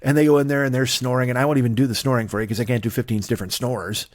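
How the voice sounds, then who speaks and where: A man's voice: mid-range voice, steady tone, very fast, no room sound, clean studio sound. A man doing a profane, riffing comedic monologue as a podcast host.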